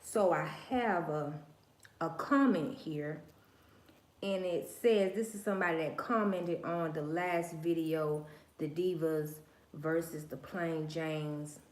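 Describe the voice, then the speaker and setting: A low-pitched woman talks slowly on her livestream, sharing opinions in a casual monologue full of slang, emphasis, preachiness, and repeated phrases. The recording has a roomy sound.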